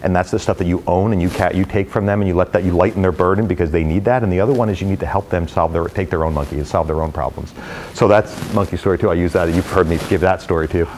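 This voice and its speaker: Fast-talking deep-voiced man telling stories. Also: a little hiss or hum. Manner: energetic, rambling storyteller with many fillers. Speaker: real estate executive speaking to brokers. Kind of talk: casual talk to a live audience. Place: company headquarters event space.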